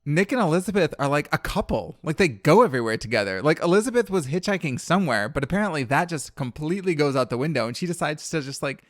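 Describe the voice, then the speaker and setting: A man's voice: on the high side, lively intonation, fast talker, hardly any pauses, no room sound, studio quality. A man from New Orleans co-hosting a podcast, recapping a horror film in casual, profane chat and laughing often. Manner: chatty, profane, laughs often, many fillers.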